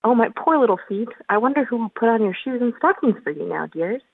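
A woman's voice: fairly high pitch, expressive, fast, gravelly, no room sound. A woman voicing a puzzled, earnest little girl in a storybook reading, talking to herself in a wondering, fussy way. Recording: tinny phone-like line.

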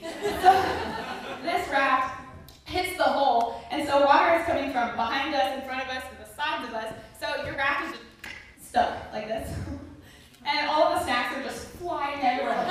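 A woman's voice: high voice, moderate pace, a bit bright. A woman telling a funny personal story on stage, chatty and giggly with lots of fillers. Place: stage at a live storytelling event. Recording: echoey hall, distant mic, background noise.

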